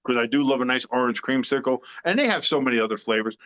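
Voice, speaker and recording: A man's voice: mid-range voice, animated, fast, fairly bright tone, highs cut off. A man co-hosting a sports podcast in casual chat, opinionated and emphatic, rambling with fillers. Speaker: podcast co-host.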